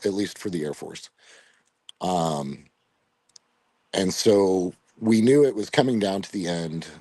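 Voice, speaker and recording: Low-voiced veteran telling an emotional story. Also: male voice, warm tone, no room sound. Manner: reflective, emotional, halting with fillers. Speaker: retired Air Force veteran guest. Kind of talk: personal story in a podcast interview.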